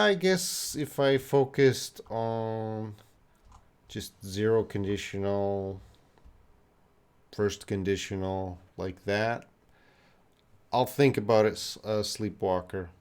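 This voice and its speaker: A man's voice: on the low side, darkish tone, smooth. A man with a Canadian accent, an English teacher answering chat questions in a live-stream lesson, explaining patiently in simple words.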